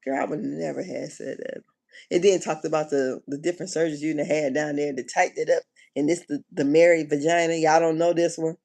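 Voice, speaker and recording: A woman chatting casually on a live stream, animated and slangy, often laughing and exclaiming. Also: low-pitched, a little fast, creaky. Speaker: reality TV commentator.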